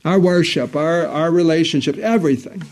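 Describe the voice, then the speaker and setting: An earnest male pastor preaches in church with a darkish tone. He swells on key lines and turns low and slow when things grow solemn.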